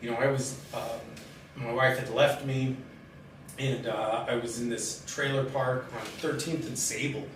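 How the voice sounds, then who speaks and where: A middle-aged man telling his own life story in a halting, candid way, with many pauses and fillers. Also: medium pitch. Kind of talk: personal storytelling in conversation. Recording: very echoey room, distant mic, steady background noise.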